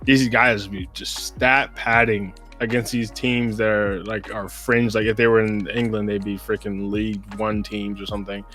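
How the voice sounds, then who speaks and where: A man's voice: on the low side, flat delivery, moderate pace, hardly any pauses, a bit bright, faint music behind. A man with an American accent co-hosting a casual sports podcast. He rambles in a laid-back way and keeps saying "bro.". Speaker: podcast co-host.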